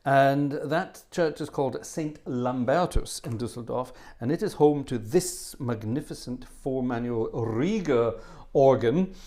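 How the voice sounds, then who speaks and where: A man's voice: mid-range voice, a little slow, mellow. A middle-aged man chatting casually between pieces as host of his own live organ stream, rambling and joking. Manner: chatty, rambling, jokey asides.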